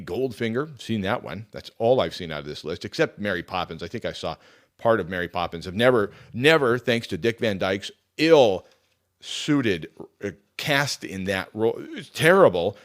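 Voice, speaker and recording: A man hosting a radio talk show, chatting casually as he reads through a list of facts and drops quick personal asides. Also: mid-range voice.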